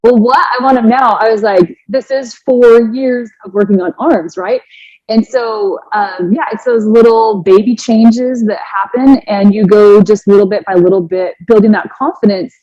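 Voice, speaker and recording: A woman in her forties, a fitness coach, telling her personal story in an earnest, animated way with many restarts. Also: mid-range voice, measured pace, no echo. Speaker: fitness coach and podcast guest. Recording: dry, slightly dull sound.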